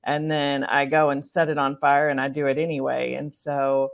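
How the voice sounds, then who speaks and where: Gravelly-voiced woman hosting a podcast. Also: a bass voice, flat delivery, moderate pace. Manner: warm, affirming, speaks in long flowing thoughts. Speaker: podcast host. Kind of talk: interview conversation.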